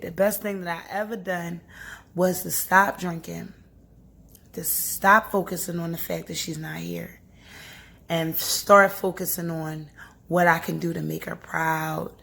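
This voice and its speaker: Gravelly-voiced woman giving earnest encouragement. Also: on the low side, a bit bright. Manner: earnest, preachy and encouraging, laughs often. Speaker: vlogger. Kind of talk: casual heartfelt talk to camera.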